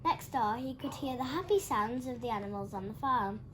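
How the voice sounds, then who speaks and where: A woman reads a children's picture book aloud in a high, bright register. She is animated and expressive throughout. A faint hiss of background noise sits under her voice. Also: moderate pace, low-quality recording. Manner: animated, gives characters lively voices. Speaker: storybook reader.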